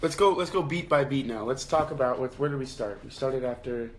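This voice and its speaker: A man's voice: mid-range voice, brisk. A young man talks through a novel on a casual livestream, the way a book club host does. He thinks aloud, backing up and restarting his sentences. Now and then he lifts his voice to act out a quoted line. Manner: reads quoted lines in a raised acted voice. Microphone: phone.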